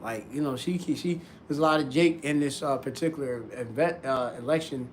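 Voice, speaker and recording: A man's voice: mid-range voice, normal speed, slight background noise. A man hosting a live stream, giving loose, slangy, rambling commentary. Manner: loose slangy talk, laughs often.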